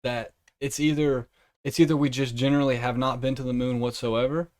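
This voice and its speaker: A young man hosts a casual podcast in an ordinary, middle-pitched voice. He rambles and jokes, swearing freely as he talks. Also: level tone, fairly quick, a little mellow. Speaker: podcast host.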